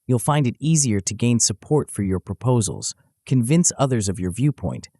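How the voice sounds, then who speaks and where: Male narrator, low voice with lively inflection, dry close sound, steady instructional read for a self-help audiobook. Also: dry recording. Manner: even, measured instructional delivery.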